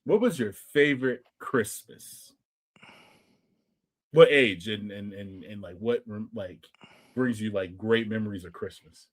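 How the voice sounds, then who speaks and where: A man's voice: lowish voice, unhurried, no echo. A man hosting a casual podcast, playful and asking his co-hosts questions. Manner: lively, playful, asks questions.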